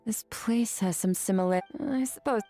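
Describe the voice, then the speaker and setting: An actress voicing a calm, aloof young female swordswoman in a video game, speaking in a measured, composed way. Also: a little high, no room sound, soft background music, natural voice. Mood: soft concerned.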